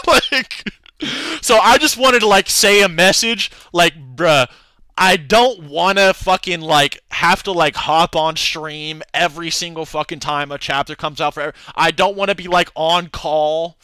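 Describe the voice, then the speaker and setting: A man's voice: a little high, measured pace, sharp tone, no echo, clean studio sound. A young man streaming and chatting casually, rambling loosely with lots of filler words and slang. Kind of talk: casual livestream rant.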